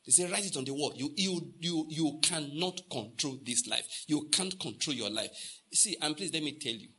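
In a somewhat high, pushed, bright voice with a slight roughness and lively intonation, a Nigerian pastor preaches at a moderate pace. The sermon is built from stories with acted-out dialogue, emphatic repetition, and questions to the congregation.

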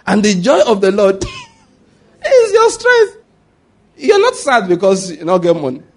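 A man preaching a sermon as pastor, telling animated stories and quizzing the congregation with call-and-response questions. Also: fairly high pitch, breathy edge.

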